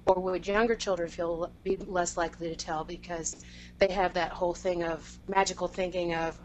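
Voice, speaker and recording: A woman's voice: fairly low pitch, flat delivery, normal speed, slight background noise, rough recording. A woman host explaining research findings in a casual, hesitant way with many fillers.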